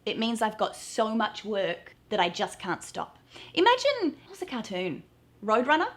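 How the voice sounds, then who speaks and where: A woman's voice: mid-range voice, expressive, measured pace. A woman from Australia with an Australian accent, explaining slang phrases in a playful, cheerful way and acting out examples. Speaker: accent coach.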